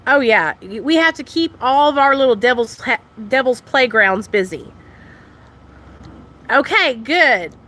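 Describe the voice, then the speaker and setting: A young woman chatting loudly and excitedly on a live stream about her recovery, talking straight to her viewers. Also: fairly high pitch, moderate pace. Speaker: recovery vlogger. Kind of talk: casual live-stream chat.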